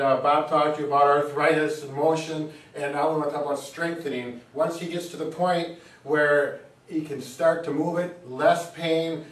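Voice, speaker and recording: A man speaks as a physical therapist, walking through knee muscles step by step in a plain, easygoing way. His voice sits a little higher than most men's. The sound is roomy and picked up from a distance. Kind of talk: casual instructional talk.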